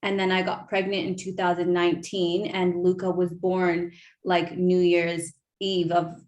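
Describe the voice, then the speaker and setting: A woman in her thirties, a podcast host, telling a personal story in a gushing, animated way with many fillers. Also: fairly low pitch, a little slow, muffled recording. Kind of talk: emotional casual storytelling.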